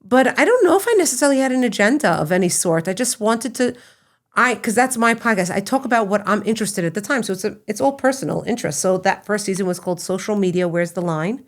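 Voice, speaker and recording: A middle-aged woman, a podcast guest, telling personal stories in a casual, animated way that breaks into laughter. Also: mid-range voice, fast talker. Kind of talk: casual conversational storytelling.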